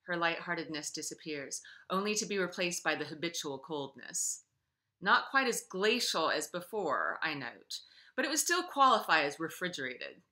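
A woman author reading her own novel aloud in an expressive way, then speaking casually to her listeners. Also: fairly low pitch, moderate pace.

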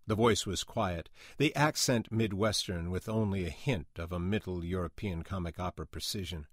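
A man narrating a story in a measured, even reading style. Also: sits low, slightly rough, no room sound, studio quality. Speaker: reader.

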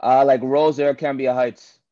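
A man's voice: medium pitch, little pitch movement, a little slow, warm tone. A man from Queens, New York, a guest on a live show, answering hesitantly with many fillers. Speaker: guest caller. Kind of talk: casual interview on a live stream. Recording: dull, lo-fi call audio.

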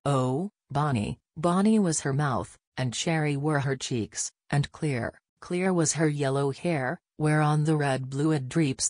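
A man reciting an old ballad in measured, rhythmic verse, voicing Scots dialect words. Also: a little high, darkish tone, dry recording, studio quality. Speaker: poetry reader.

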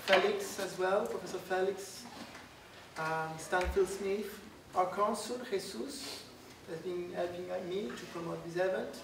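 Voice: medium pitch, measured pace. Speaker with a French accent, unamplified. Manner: unamplified, speaking up to a full room, light laughs. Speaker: guest speaker. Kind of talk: lecture followed by Q and A. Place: university lecture room. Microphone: no microphone, recorded from far off. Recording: roomy, distant, noisy with no microphone.

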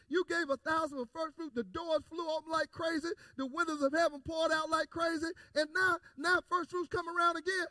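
A male pastor preaching a call-and-response sermon, repeating phrases and building to shouted emphasis. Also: very high voice, fairly even intonation, brisk, few pauses, no echo, clean studio sound.

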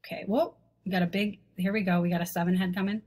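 A woman's voice: lowish voice, steady tone, fast, darkish tone. A woman hosting a comedy show, giving a snarky, rambling commentary with frequent stammering restarts. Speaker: host. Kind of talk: mocking commentary on selfies.

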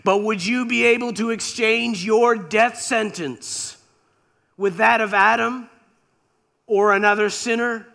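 A man's voice: high-pitched, fairly even intonation, slow pace, vocal fry, bright, forceful tone, full character voice. A man preacher voicing a grieving, tender God as he retells a scripture story in a sermon. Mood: sorrowful, solemn. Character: grieving male God, gentle and sorrowful.

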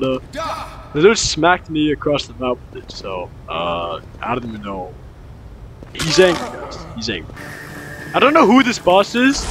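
A young man talks through his game in a loose, rambling way, circling back to the same words over and over. His voice sits a little high and swings widely, leaping up with each startled outburst. Game music plays clearly underneath. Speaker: gaming commentator. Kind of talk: casual gameplay commentary.

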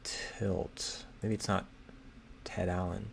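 A man's voice: lowish voice, gravelly, a little hiss or hum. A man thinking aloud as he solves a crossword, hesitantly reading clues and guessing answers. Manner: muttering, hesitant, reads clues aloud slowly. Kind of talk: thinking aloud while solving. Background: keyboard typing and clicking.

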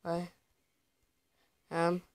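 Slow, gravelly-voiced young guy gaming. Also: high voice, monotone. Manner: rambling, heartfelt, talks to viewers. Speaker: gaming video creator. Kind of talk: casual gameplay commentary.

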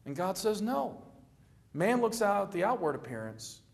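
A middle-aged man preaching a sermon, telling the story with lively acted-out quotes and a plain conversational manner. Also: normal speed, gravelly. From Florida. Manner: animated storytelling, acting out quoted lines with rising pitch.

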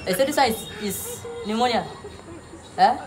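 A woman's voice: on the high side, lively intonation, normal speed, crowd noise. A woman doing a comic teacher act, bossy in a mock way and teasing, repeating words with laughter. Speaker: comedian playing a teacher. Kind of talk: comic classroom sketch. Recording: noisy background.

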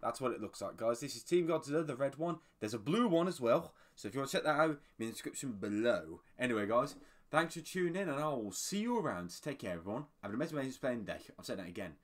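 A man casually commenting on a video he just watched, excitable and rambling. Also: medium pitch, fast talker. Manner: excitable, rambling, breaks into laughter. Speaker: video reactor.

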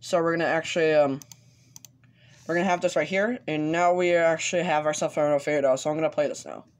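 Guy doing a casual screen tutorial on his computer mic, lots of um and restarts, kinda halting. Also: on the high side, steady tone. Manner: hesitant, halting, with many fillers and restarts. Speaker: tutorial host.

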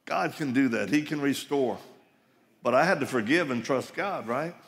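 A man's voice: medium pitch, normal speed, a bit bright. A middle-aged man giving a live sermon at a conference, telling personal stories in an emphatic, joking way. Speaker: conference speaker. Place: large conference hall. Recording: reverberant live hall.

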